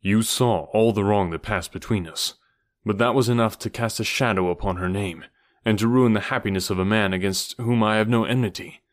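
A man voicing a calm, noble jungle-raised gentleman in an audiobook, speaking in a grave, measured, courteous way. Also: lowish voice, close to an everyday voice. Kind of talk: audiobook character reading.

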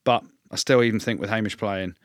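A man from England with a lowish voice, recorded dry and close. He analyses rugby earnestly and with emphasis, then turns to joking and teasing his co-host. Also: fairly even intonation, a little fast, clean tone, dry recording. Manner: earnest, emphatic analyst who jokes and teases. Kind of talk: casual sports analysis.

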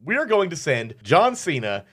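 A man's voice: fairly high pitch, huge pitch swings, normal speed, fairly bright tone, husky. Joking guy running a tabletop podcast, voice bounces up and down a lot. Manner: playful, joking asides, explains rules step by step. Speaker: game master and podcast host. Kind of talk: casual tabletop podcast chat.

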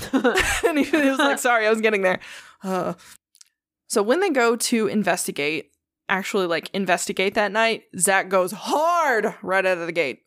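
A woman's voice: mid-range voice, big pitch swings, unhurried, fairly bright tone, no echo. A woman hosting a podcast, retelling a story in a loose, casual way. She swears freely and acts out the lines of the people in it. The sound is dry and close, with no room around her. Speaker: podcast host.

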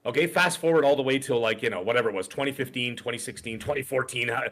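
A creaky, fairly bright mid-range voice belongs to a middle-aged man co-hosting a podcast. Moving at a quick pace, he tells a long, rambling story in casual conversation, peppered with fillers and asides.

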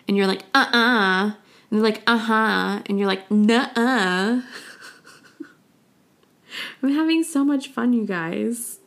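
A young woman hosting a casual solo podcast, playfully acting out little sounds and laughing often. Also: mid-range voice. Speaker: podcast host.

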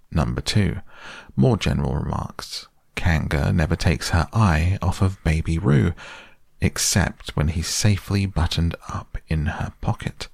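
A man's voice: sits low, vocal fry, husky, no room sound, studio quality, exaggerated voice. A man voicing a bossy, self-important male rabbit who lays out plans solemnly in a storybook reading. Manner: brisk, solemn and self-satisfied.

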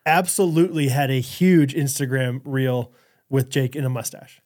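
A man's voice: mid-range voice, moderate pace, darkish tone. A man in his thirties co-hosting a casual comedy podcast, joking around and reading listener reviews. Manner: jokey, reads listener reviews with mock-Trump delivery. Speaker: podcast co-host.

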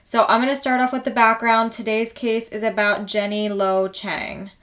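A woman's voice: on the high side, little pitch movement, normal speed, fairly bright tone. A woman co-hosting a podcast in casual chat, talking frankly and casually swearing now and then. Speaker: podcast co-host.

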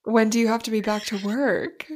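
A young woman co-hosting a podcast, chatting in an upbeat, giggly way with quick reactions. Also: fairly high pitch, steady tone. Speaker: podcast co-host. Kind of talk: casual chat.

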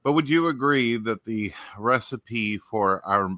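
A man hosting a casual livestream chat, speaking in a relaxed, conversational way. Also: mid-range voice, a little slow, dry recording. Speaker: host.

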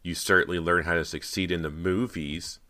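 A man's voice: sits low, moderate pace, sharp tone. A man voicing a cold, sarcastic young actress in an audiobook.

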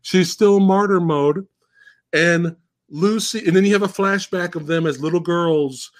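A man hosting a casual podcast, mocking a film's plot in a profane, animated way as he retells it. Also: high-pitched, a little slow. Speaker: podcast host. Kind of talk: casual podcast film discussion.

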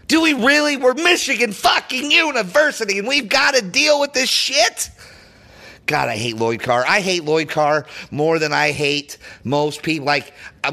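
A man hosting a podcast, ranting furiously as a sports fan, profane and often shouting, his voice rising high when angry. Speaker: podcast host.

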